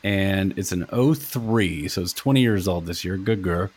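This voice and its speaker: A man's voice: low-pitched, normal speed, a little mellow. A man co-hosting a podcast, chatting casually in a laid-back way. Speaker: podcast co-host. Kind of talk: casual chat.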